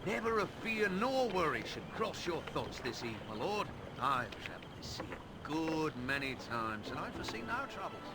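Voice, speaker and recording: An actor playing a flamboyant, boastful ship captain in a fantasy video game, speaking in a florid old-fashioned way. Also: male voice, on the high side, big pitch swings, normal speed, few pauses. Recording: noisy game audio.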